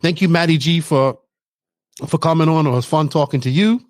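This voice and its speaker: A man's voice: fairly high pitch, moderate pace, no echo. A man hosting a podcast, chatting casually and teasing his co-host. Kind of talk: casual chat.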